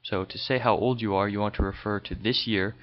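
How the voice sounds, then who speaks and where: A man's voice: on the low side, steady tone, fairly quick. A man teaching a recorded language lesson over slides, explaining patiently and checking in with a frequent "okay". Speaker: high school Chinese teacher. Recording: dull lo-fi recording.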